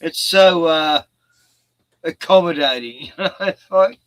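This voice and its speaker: A man chatting on a stream, laid-back and quick to swear and laugh. His voice is gravelly and very bright, a little high, and he drawls along slowly. The sound is close and dry. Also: animated, dry recording, poor audio. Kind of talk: casual chat.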